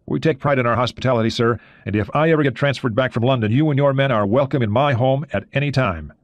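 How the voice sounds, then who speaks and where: A man's voice: medium pitch, quick pace, no room sound, muffled recording, voice pushed up, close to an everyday voice. A male audiobook narrator reading the lines of a friendly American CIA analyst in a plain conversational way. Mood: warm.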